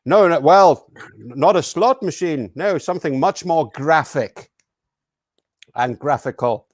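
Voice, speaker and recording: A man plays an improv guessing game, flustered and stammering as he denies each guess. His voice is a bit high, and the sound is dry and close. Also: expressive, unhurried, no room sound. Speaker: improv performer.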